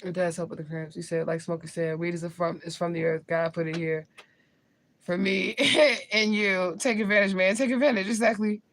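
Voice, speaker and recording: A woman in her forties from St. Louis, Missouri hosts a livestream, reading and answering viewer comments in casual live chat. Her lowish voice is fairly even in intonation at a moderate pace, and she's blunt and slangy, laughing often.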